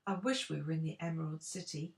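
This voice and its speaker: An older woman voicing a young girl, eager and quick to get cross, in a storybook reading. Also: sits low, steady tone, gravelly, darkish tone, echoey room, far from the mic.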